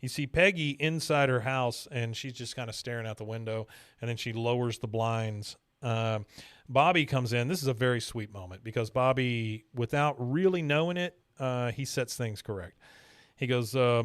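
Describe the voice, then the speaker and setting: A man hosting a podcast, recapping scenes in a relaxed, chatty way. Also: medium pitch, normal speed, smooth, no echo, studio quality. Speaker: podcast host. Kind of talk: casual episode recap.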